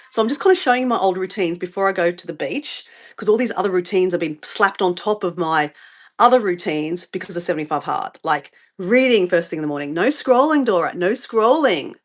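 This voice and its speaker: With a lowish voice and a fairly bright tone, a middle-aged Australian woman livestreams her morning routine. Her casual chat rambles and wanders whenever she responds to comments from viewers.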